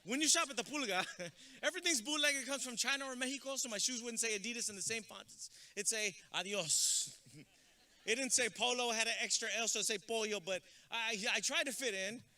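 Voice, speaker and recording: Male motivational speaker, bright, piercing tone, energetic comic storyteller. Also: very high voice, brisk. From Texas. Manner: energetic storytelling, mixes in Spanish words. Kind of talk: comedic commencement speech. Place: outdoor graduation ceremony with stands.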